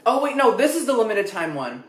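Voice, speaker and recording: Expressive young man, lively echoey vlog. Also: high-pitched, fairly quick, slight background noise. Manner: dramatic, expressive, swears freely. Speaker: food vlogger. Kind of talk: casual food tasting vlog. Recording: echoey room.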